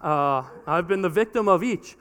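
A man in his thirties preaching a sermon to a congregation, telling a lively family story and acting out the dialogue, often repeating words as he restarts a sentence. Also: high voice, normal speed, clean tone. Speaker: pastor. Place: church hall before a congregation.

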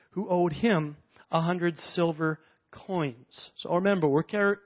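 A man's voice: on the high side, muffled recording. A man preaching a sermon in a conversational way, acting out the characters of a parable as he retells it.

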